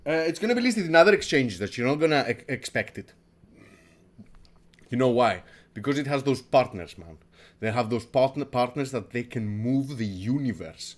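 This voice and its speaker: A man's voice: mid-range voice, expressive, normal speed. A man hosting a casual crypto livestream who rambles, repeats his words, swears and laughs a lot, from Greece. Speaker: crypto stream host.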